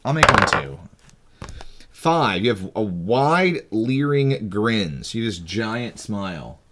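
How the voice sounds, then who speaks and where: A man acting as game master walks a friend through making a tabletop game character, breezy and teasing, with frequent restarts. His voice is on the low side and a bit bright, slow, with big pitch swings.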